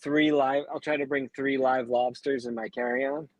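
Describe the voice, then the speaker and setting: A man's voice: mid-range voice, fairly even intonation, normal speed, no echo, poor audio. A man calling into a livestream from a grocery store, chatting in an easygoing, agreeable way. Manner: easygoing, agreeable, many yeahs. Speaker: guest caller. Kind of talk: casual chat.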